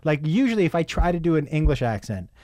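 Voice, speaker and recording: A man's voice: on the high side, very animated, quick pace, darkish tone, no echo. A man hosting a casual interview, playful and jokey in his questions. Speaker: host.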